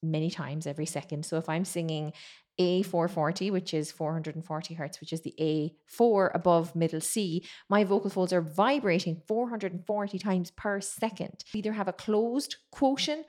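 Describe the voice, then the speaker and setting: A female vocal coach runs a chatty singing lesson, explaining technique and slipping into quick sung and spoken demonstrations. Her voice is fairly low in pitch with a darkish tone.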